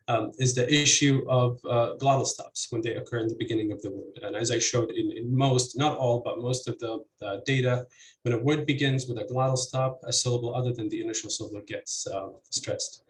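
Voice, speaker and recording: A man giving an academic conference presentation, halting and full of fillers and restarts. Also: mid-range voice, echoey room, a little hiss or hum, rough recording. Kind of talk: academic presentation over video call.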